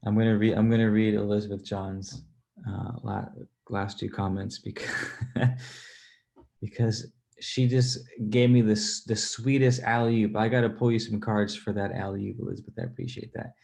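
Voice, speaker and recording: Brief: male stream host, mellow gravelly voice, animated and profane, casual chat. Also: fairly low pitch. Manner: animated, swears freely, laughs between points. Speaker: livestream host reading viewer comments.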